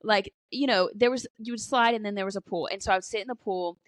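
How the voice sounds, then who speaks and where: A woman's voice: medium pitch, quick pace, no room sound. Chatty young woman telling stories. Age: 20s. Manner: chatty storytelling full of "like" and "you know"; lively, swears casually. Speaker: podcast co-host. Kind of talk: casual chat.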